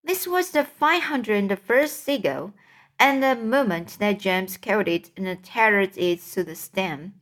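Slow, careful woman reading a storybook. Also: medium pitch, animated, a bit bright. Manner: slow, careful, occasional slips. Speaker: reader.

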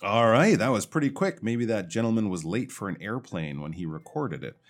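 Man, pronunciation teacher, lowish voice, patient, explanatory, slows down on example words. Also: lively intonation. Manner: patient, explanatory, drawls words slowly to demonstrate. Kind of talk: feedback on listener recordings.

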